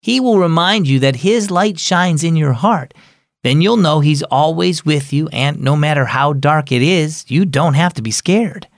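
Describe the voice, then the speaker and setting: A man voicing a gentle older sister. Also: a little high, animated, measured pace, no room sound, clean studio sound. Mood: reassuring. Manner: gentle, reassuring. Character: calm, caring older sister.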